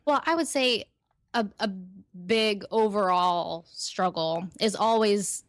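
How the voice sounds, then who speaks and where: A woman in her thirties chatting on a podcast about her life, bubbly and quick to laugh. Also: medium pitch, no room sound, clean studio sound. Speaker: podcast co-host and guest. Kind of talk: casual podcast chat.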